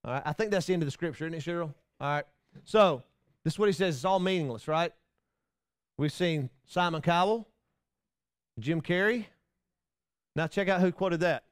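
A man's voice: on the high side, moderate pace, pauses often, clean tone, dry recording, studio quality. A man preaching a sermon to his congregation in a casual, folksy way, with many restarts and asides. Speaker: pastor. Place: church.

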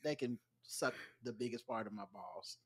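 A man's voice: mid-range voice, moderate pace, heavy background noise. A man guesting on a podcast, talking in casual chat with emphatic, profane ranting.

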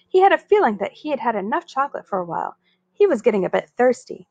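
A woman reading a children's chapter book aloud in a steady, expressive way. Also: a little high, dry recording. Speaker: story reader.

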